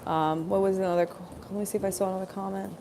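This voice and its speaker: A woman's voice: mid-range voice, fairly even intonation, very fast, noisy background. A young woman, a plumbing apprentice, chatting casually to her phone on a work break, rambling through a story with lots of fillers and restarts. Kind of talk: casual live-stream storytelling.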